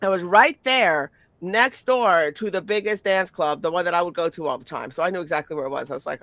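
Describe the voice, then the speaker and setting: A woman in her forties, the podcast host, telling casual stories in an animated, profane way with stumbling repetitions. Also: lowish voice, brisk, few pauses, no room sound. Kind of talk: casual storytelling chat.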